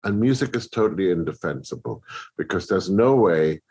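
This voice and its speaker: Low and breathy at the edges, the voice of a middle-aged film composer moves at a moderate clip as he tells stories as a podcast guest. He often starts sentences over and animatedly performs other people's reactions.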